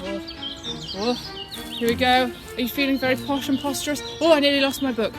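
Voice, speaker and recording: A woman's voice: high-pitched, fairly quick, over music. A woman leading a children's church lesson outdoors in woodland, talking to the kids in a playful, encouraging way. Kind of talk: children's activity lesson and storytelling. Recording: outdoor recording with birdsong behind.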